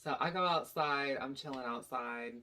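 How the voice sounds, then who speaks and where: A young woman telling a casual storytime to her channel, animated and rambling with lots of "like" and "basically". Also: a bass voice, moderate pace. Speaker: YouTube storyteller.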